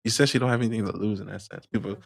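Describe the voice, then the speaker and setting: A man's voice: on the low side, steady tone, racing, gravelly, no room sound. A man who is a podcast guest, giving loose, casual advice with many fillers and restarts.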